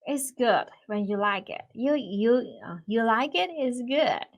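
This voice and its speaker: A woman with a Vietnamese accent voicing a shy, gentle old man who speaks softly and haltingly. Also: a little high, highs cut off. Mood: kind. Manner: soft, halting, modest.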